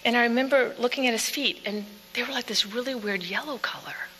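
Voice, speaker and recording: A woman giving an earnest personal testimony speech in plain storytelling, dropping to quiet passages. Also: a little high, fairly quick. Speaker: speaker telling her own story. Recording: echoey hall with faint hum.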